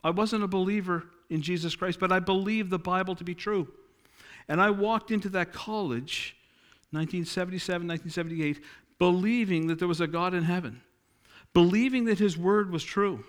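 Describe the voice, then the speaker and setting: A man's voice: high-pitched, brisk. Man preaching a sermon. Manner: storytelling, acting out quoted dialogue, emphatic.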